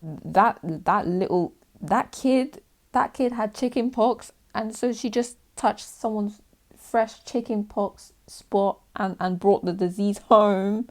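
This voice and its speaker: Chatty young woman, mellow voice. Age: young adult. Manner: chatty, self-mocking, laughs often, acts out quotes in a high voice. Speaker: art vlogger. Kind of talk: casual chat while drawing.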